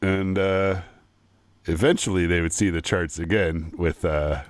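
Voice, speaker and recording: A man's voice: deep voice, fairly even intonation, measured pace, no room sound. A man co-hosting a podcast, chatting casually about songs, laid-back and chuckling as he gives opinions. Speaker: podcast co-host. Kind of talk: casual music chat.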